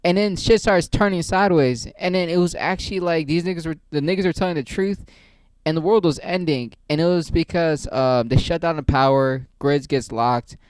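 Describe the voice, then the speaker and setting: A man's voice: mid-range voice, clear, resonant tone, dry recording. A man hosting his own channel, ranting casually and profanely about a movie, rambling and joking. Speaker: channel host reviewing a movie.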